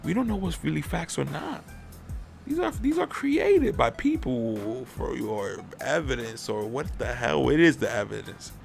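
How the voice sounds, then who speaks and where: A man's voice: mid-range voice, very animated, measured pace, gravelly, soft background music. A man hosting a podcast in casual chat, rambling and swearing freely as he airs his opinions. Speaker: podcast host.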